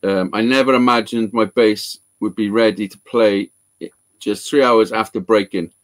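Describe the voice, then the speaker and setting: A man who repairs guitars, telling a story in casual live-show chat with lots of swearing and excitement. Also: lowish voice, moderate pace.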